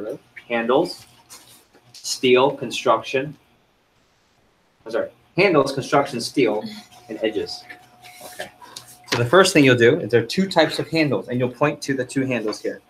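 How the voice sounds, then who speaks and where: A man's voice: mid-range voice, a bit bright, slight background noise, rough recording. A man running a sales training seminar, coaching the group and firing questions at them.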